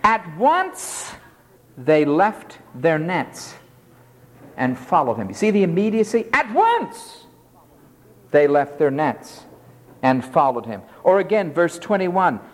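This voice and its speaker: Slow, animated preacher in a reverberant hall. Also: male voice, a little high. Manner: emphatic, dramatic, mimics pleading tones. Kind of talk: sermon.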